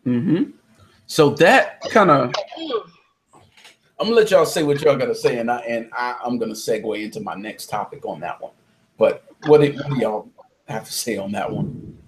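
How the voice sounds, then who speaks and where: A man hosting a casual online discussion with a Southern American accent, telling a story in an animated way and acting out the people in it. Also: medium pitch, moderate pace, pauses often, a little hiss or hum. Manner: animated storyteller, acts out quotes loudly. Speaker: podcast host. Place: indoors during a thunderstorm. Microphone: online call connection.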